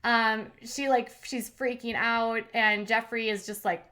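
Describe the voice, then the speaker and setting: A woman's voice: on the high side, steady tone, unhurried, sharp tone. A woman hosting a commentary channel, recapping reality TV in a chatty, sarcastic way with lots of fillers.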